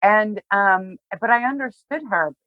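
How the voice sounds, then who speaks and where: A woman guest on a podcast, sharing a personal story in a heartfelt, emotional way, often halting and restarting. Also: medium pitch, no echo, muffled recording. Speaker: tarot reader, guest.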